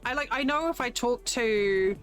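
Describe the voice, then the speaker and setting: A woman's voice: fairly high pitch, normal speed, soft background music. A woman from New Zealand with a New Zealand accent, hosting a stream with blunt, profane casual chat. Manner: blunt, swears freely, animated storytelling. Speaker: streamer host.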